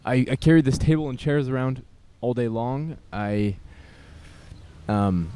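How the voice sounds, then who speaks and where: A young man vlogs alone outdoors in a city park, his medium-pitched voice expressive, mellow and a little slow, with a bit of hiss or hum on the recording. He rambles hesitantly and self-consciously, with nervous laughs and many fillers.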